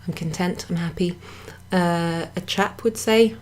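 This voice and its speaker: A woman's voice: lowish voice, measured pace, darkish tone. A woman teaching a beginner French lesson in a chatty way, correcting herself and laughing at her own slips. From United Kingdom. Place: indoor room at a pub.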